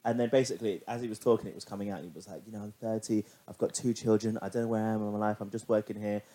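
A man in casual podcast chat, chatty and animated, swearing freely as he tells stories. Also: fairly low pitch, rapid-fire. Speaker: podcast co-host.

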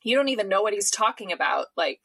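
A woman's voice: mid-range voice, very animated, fast, creaky, fairly bright tone, husky. A woman co-hosting a movie podcast, chatty and playful in casual talk. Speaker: podcast co-host.

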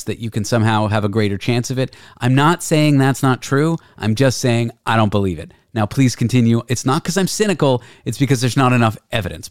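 A man's voice: mid-range voice, smooth, no echo, studio quality. A man hosting a casual chat, reasoning things out at length in a skeptical way. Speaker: podcast host. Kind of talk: casual conversation.

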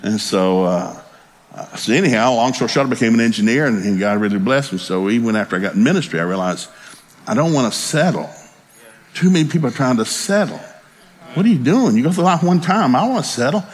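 Man preaching with a lively swooping voice. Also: medium pitch, fast. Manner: folksy storytelling, joking asides. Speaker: pastor. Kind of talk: sermon.

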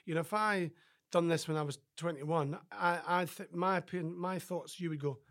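A Scottish man, once a rugby player, chats casually as a podcast guest and tells stories in an interview. His voice sits on the high side with fairly even intonation, a normal pace, and a fairly bright tone. He acts out other people's lines and keeps restarting sentences, with plenty of filler words.

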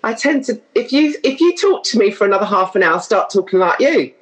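Talking fast in an animated, medium-pitched voice, this middle-aged Londoner with an English accent is a chatty guest who keeps wandering off on tangents and laughing a lot. The recording is rough.

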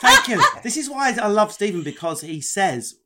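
A man's voice: high-pitched, sing-song, normal speed, a loud crowd. A man hosting a podcast, blunt and cheeky, swearing freely. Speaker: podcast host. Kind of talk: brash casual chat.

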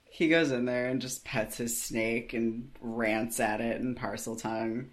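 A woman's voice: a bass voice, unhurried. A woman co-hosting a podcast, reacting with enthusiasm and joking casually about a book. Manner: enthusiastic, laughs often, animated reactions. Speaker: podcast co-host. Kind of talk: casual comedic book discussion.

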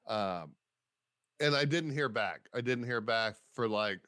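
A man's voice: medium pitch, takes it slowly, no echo, clean studio sound. A man who is a stand-up comedian, telling stories casually in an interview and acting out the voices of people he quotes. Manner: animated, acts out quoted voices, swears casually.

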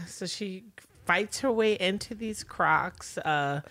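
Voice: mid-range voice, takes it slowly, a bit bright, no room sound. A podcast co-host in casual recap chat, narrating the plot step by step and slipping into mock voices for characters.

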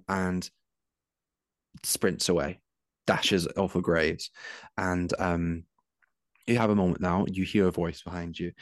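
A man's voice: sits low, no room sound, studio quality. A man narrating as game master of a tabletop game, describing scenes with frequent ums.

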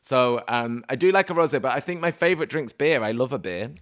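A young man in casual podcast chat who tells lively anecdotes and acts out the voices of the people in them. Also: medium pitch, fairly quick. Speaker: guest.

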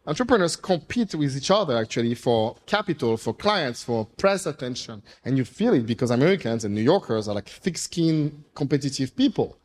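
A man, an entrepreneur, speaking casually to an audience, telling animated, rambling stories with playful swearing. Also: mid-range voice, a little fast, few pauses. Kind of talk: casual storytelling talk. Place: event room with audience.

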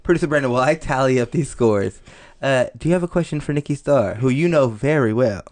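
A man's voice: mid-range voice, animated, quick pace, a little mellow. A man hosting a casual chat, running a game with his guest in an easygoing way, step by step. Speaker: host.

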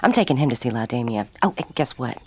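A low-voiced, anxious wife. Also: female voice, expressive, fast talker, a little mellow, breathy edge, heavily acted. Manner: confiding, anxious.

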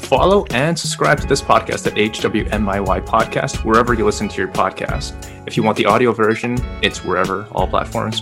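A man hosting a casual podcast, relaxed and often laughing, with lots of fillers. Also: fairly low pitch. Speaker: podcast host.

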